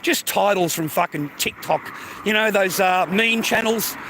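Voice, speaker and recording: A man's voice: high voice, a little slow, noisy background. A man with an Australian accent ranting in a casual, heated, profanity-filled monologue. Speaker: streamer.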